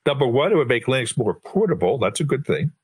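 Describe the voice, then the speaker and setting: A man's voice: mid-range voice, fast talker, slightly rough, dry recording. An older man, a guest on an interview podcast, telling a long anecdote in a casual way and acting out the lines of the people in it. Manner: lively storyteller who acts out quoted dialogue. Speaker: guest, board chair of a tech body.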